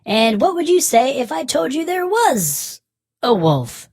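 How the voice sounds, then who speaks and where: A man voicing a sly old rhyming witch, teasing in a breathy half-whisper for a storybook. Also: very high voice, huge pitch swings, a little slow, dry recording, studio quality, voice pushed up, exaggerated voice. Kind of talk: storybook voice acting.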